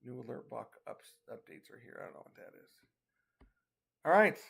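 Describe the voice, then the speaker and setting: Gravelly middle-aged man on a livestream. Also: medium pitch, very animated, normal speed, fairly bright tone. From northeastern Colorado. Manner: folksy, chatty, reads and answers viewer comments. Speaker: storm chaser hosting a livestream weather briefing. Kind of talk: casual livestream chat with viewers.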